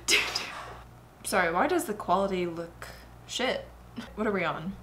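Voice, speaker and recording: A woman with a middling voice chats through a film as a reaction YouTuber, excitable and quick to swear as she talks back at the screen. She is recorded at home, and a clear wash of noise from the playing movie sits behind her. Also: mid-range voice. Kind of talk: casual movie reaction commentary.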